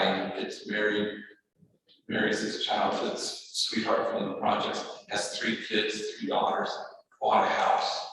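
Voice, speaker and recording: A man's voice: mid-range voice, a bit bright. A man, a priest giving a talk as guest speaker, telling an earnest story with wry asides and Spanish words. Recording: echoey hall from far off.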